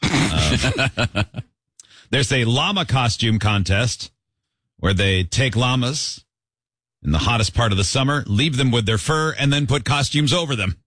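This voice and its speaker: A man's voice: mid-range voice, animated, measured pace, long pauses, fairly bright tone, no echo. A man hosting a comedic podcast chat, playful and teasing as he runs through topics.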